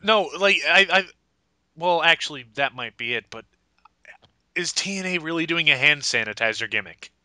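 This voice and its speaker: A man's voice: on the high side, lively intonation, normal speed, bright, forceful tone, smooth, no echo, clean studio sound. A man co-hosting a wrestling podcast, dropping wry, sarcastic asides. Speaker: podcast co-host. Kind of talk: casual chat.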